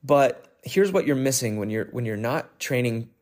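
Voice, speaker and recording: A man's voice: mid-range voice, lively intonation, normal speed, darkish tone. A man hosting a podcast, talking casually and candidly in a rambling way, with many fillers and restarts. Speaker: podcast host. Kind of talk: casual monologue recapping a race.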